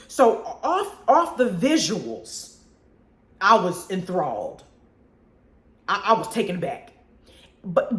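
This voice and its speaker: A woman hosts a casual review show on her own. Her pitch leaps around constantly as she riffs, and the roomy space echoes behind her. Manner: animated, expressive, frequent restarts and slang. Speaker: podcast host reviewing movies. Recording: roomy echo.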